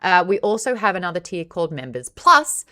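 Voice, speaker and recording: Chatty low-voiced woman hosting a stream. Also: very animated, a little fast, sharp tone. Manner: chatty, upbeat, explaining with fillers and asides. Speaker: book club host. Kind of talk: casual livestream chat.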